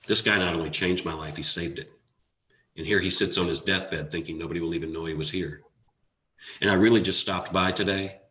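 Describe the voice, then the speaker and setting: Deep-voiced man telling an inspirational story. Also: fairly bright tone. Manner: earnest, dramatic pauses, builds to emphasis. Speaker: motivational speaker. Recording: echoey room.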